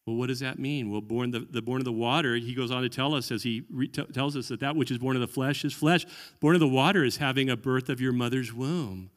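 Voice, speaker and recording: A man's voice: mid-range voice, normal speed. Male pastor preaching in an echoey hall. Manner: earnest preaching, drops to quiet voice for quoted prayers. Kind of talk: sermon.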